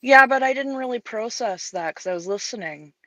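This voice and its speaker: A woman's voice: fairly high pitch, expressive, brisk, a bit bright, no room sound, dull audio. Chatty Canadian woman, dry close sound. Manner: chatty, laughs easily, self-deprecating. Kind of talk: casual chat while painting on a stream.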